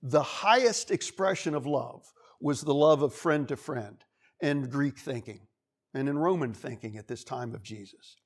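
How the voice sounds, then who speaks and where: A man's voice: medium pitch, animated, moderate pace. A man preaching a sermon in a church, talking in a conversational way and acting out the voices of the people he quotes. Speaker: pastor. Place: church sanctuary.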